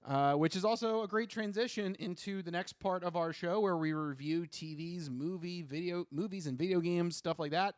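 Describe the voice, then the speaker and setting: Man, podcast co-host, casual jokey chat, higher voice. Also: normal speed, few pauses, clear, resonant tone, no room sound, clean studio sound. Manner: jokey and laughs often.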